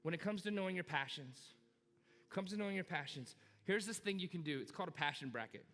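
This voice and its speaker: A man's voice: high voice, lively intonation, fast talker, a bit bright, in a large hall. A man preaching a sermon as pastor, emphatic and repetitive, urging his congregation directly. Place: church auditorium.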